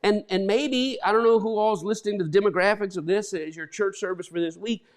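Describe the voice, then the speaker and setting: A man's voice: high voice, brisk. A middle-aged man preaching an informal sermon as a pastor, rambling with many repeated words and restarts, getting emotional.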